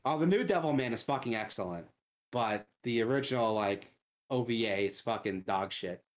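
A man's voice: medium pitch, expressive, moderate pace. Male co-host, loose profane rant, casual gaming talk. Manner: loose, profane ranting with lots of "like". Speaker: podcast co-host.

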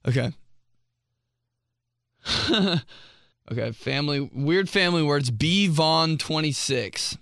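Animated, laughing man hosting a podcast. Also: fairly high pitch, drawn-out words, long pauses, no echo, clean studio sound. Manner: animated, jokey, laughs often. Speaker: podcast host. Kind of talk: casual comedic chat reading listener submissions.

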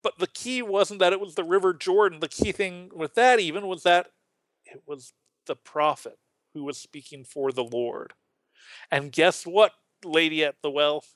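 A man hosting a casual Bible study talk, animated and full of restarts, playfully acting out voices as he tells stories. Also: sits high, moderate pace, dry recording. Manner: animated, acts out quoted voices, frequent restarts. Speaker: podcast host teaching the Bible.

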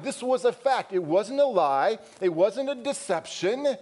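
A male pastor with a high-pitched voice delivers a sermon. He presses his point with strings of rhetorical questions. He keeps turning to his listeners with candid, conversational asides. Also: lively intonation, measured pace, darkish tone. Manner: emphatic, full of rhetorical questions.

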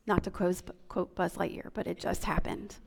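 A woman pastor preaching a sermon, animated, moving between quiet and loud passages. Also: on the low side, moderate pace, creaky, big-room sound. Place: church sanctuary.

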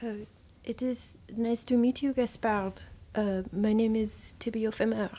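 A woman voicing a shy, humble young male gnome necromancer, speaking softly and politely. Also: a little high, fairly even intonation, unhurried, pitched above the performer's own voice. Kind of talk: tabletop role-play.

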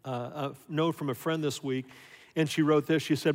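Animated preaching man in a reverberant hall. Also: on the high side, normal speed. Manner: conversational, animated, rhetorical questions. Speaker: pastor. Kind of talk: sermon.

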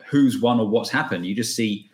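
A man guesting on a podcast, talking in a relaxed, rambling way about a comic book. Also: fairly low pitch, normal speed, roomy sound. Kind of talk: casual podcast chat.

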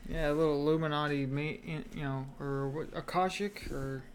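A man's voice: on the high side, fairly even intonation, normal speed, slight background noise. A man speaking as a podcast guest in casual chat, chiming in with quips and trivia.

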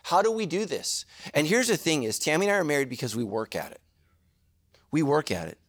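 A middle-aged man preaching a sermon as a pastor, animated and jokey, with quick asides to the congregation. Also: a little high.

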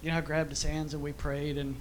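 This man talks fast, his voice on the high side and level in tone, over a little hiss or hum. He's telling stories in a casual church teaching, chatty and full of asides and fillers, and at one point briefly becomes emotional and choked up.

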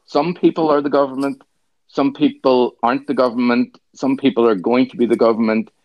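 A man with a Northern Irish accent chatting on a podcast, joking in a sardonic, deadpan way. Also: mid-range voice, brisk, no echo. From Northern Ireland. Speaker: podcast host. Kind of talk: casual chat. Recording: dry, slightly dull sound.

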